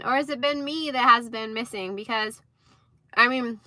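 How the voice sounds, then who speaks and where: Young female streamer, chatty storyteller, bright, dry sound. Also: fairly high pitch, moderate pace, dry recording. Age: young adult. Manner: chatty, animated retelling with acted-out quotes. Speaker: livestream host. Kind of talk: casual livestream storytelling.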